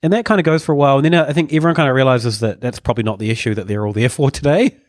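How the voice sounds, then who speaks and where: A man's voice: medium pitch, very fast, no room sound, studio quality. A man hosting a podcast, telling stories in casual comedic chat and chuckling often. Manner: rambling storyteller, chuckling often. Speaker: podcast host.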